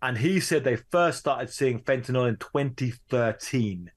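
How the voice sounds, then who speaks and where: Guy journalist telling a story in an interview, middle-pitched voice, speeds up then drags it out. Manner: animated storyteller, pace swinging fast and slow. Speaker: journalist guest.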